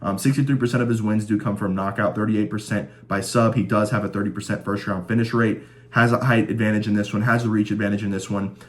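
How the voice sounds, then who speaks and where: A man's voice: fairly low pitch, steady tone, fast talker, hardly any pauses. Chatty, stat-rattling male fight picker. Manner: chatty, stat-heavy, enthusiastic. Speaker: host of a fight-predictions channel. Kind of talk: casual fight-prediction commentary.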